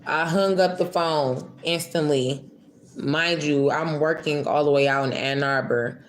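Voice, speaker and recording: Young woman vlogger, low voice, emotional rambling storyteller, profane, faint room hum. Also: steady tone, unhurried. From Michigan. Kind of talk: casual storytime.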